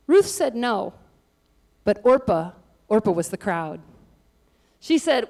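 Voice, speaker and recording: Woman pastor, high-voiced, casual and lively delivery with quips. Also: measured pace, pauses often. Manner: lively, conversational, joking asides. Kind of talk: sermon.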